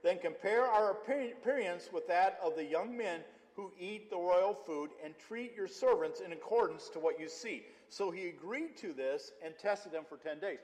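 Male pastor, high voice, chatty preaching, personal stories, long hall reverb. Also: lively intonation, normal speed, few pauses, darkish tone. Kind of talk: sermon.

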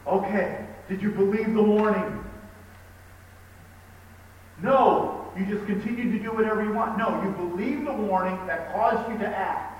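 A man preaching a sermon, telling stories with animated emphasis and reading scripture aloud. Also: high-pitched, a little slow, highs cut off, slight background noise. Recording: echoey hall, distant mic with faint ambience.

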